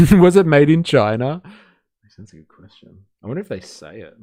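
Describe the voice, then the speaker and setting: Hosting a casual reaction stream, an Australian man with a Western Sydney accent talks at normal speed in a slightly high, darkish voice with lively intonation. He's sarcastic and teasing, swears a lot, and the clean studio sound carries no echo.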